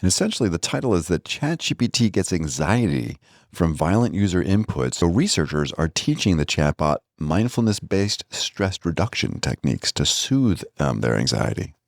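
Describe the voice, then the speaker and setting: A man's voice: deep voice, big pitch swings, normal speed, vocal fry, dry recording, studio quality. A man co-hosting a podcast, chatting casually and joking while he walks through the news at length. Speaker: podcast co-host. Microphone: studio microphone, on camera.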